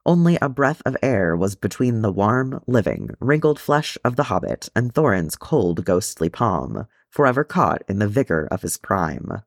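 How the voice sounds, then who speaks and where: A man narrates a storybook chapter in a calm, even way. His low voice has a gravelly edge, and his pitch moves a great deal. The recording is dry and close. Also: moderate pace, hardly any pauses, no room sound. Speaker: audiobook reader.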